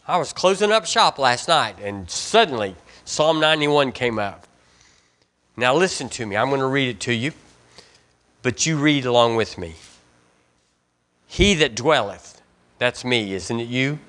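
A man's voice: medium pitch, animated, measured pace, pauses often, fairly bright tone. A male pastor with a Southern US accent preaching a sermon in a church, reading scripture aloud and leading the congregation to repeat lines after him, with emphatic repeated phrases. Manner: preaching with call-and-response and rising emphatic repetitions. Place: church sanctuary.

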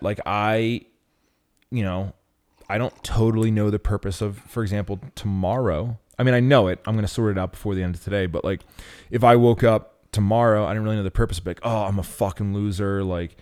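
A man hosting a podcast, telling stories in a loose, profane, animated way. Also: on the low side. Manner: profane, rambling, animated storytelling. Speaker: podcast host. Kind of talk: casual podcast chat.

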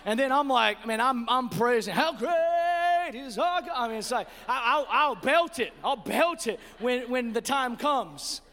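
Pastor, male, very high voice, animated sermon delivery from hushed to shouting, long hall reverb. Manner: repeats words in quick restarts.

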